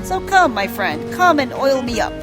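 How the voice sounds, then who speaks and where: Woman putting on a pompous dramatic gentleman. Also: sits high, sing-song, moderate pace, music in the background, pitched above the performer's own voice. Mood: grand. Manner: grandiose, melodramatic, overblown delivery. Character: pompous theatrical male gentleman adventurer.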